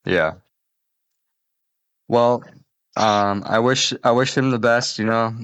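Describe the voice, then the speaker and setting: A man's voice: medium pitch, slow, fairly bright tone, no echo. A man hosting a comedy podcast, bantering crudely and rambling in casual chat. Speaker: podcast host.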